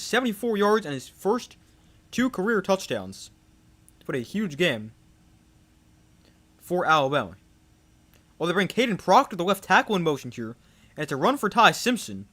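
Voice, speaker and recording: A young man giving live play-by-play commentary on a football game, growing excited on big plays. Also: high-pitched, normal speed, long pauses. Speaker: play-by-play streamer.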